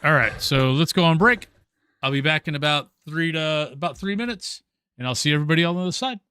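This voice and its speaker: Bright-voiced casual game streamer, a man. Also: a little high, lively intonation, fast, smooth, no echo. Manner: casual and chatty, swears loudly when startled. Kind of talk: gaming stream commentary.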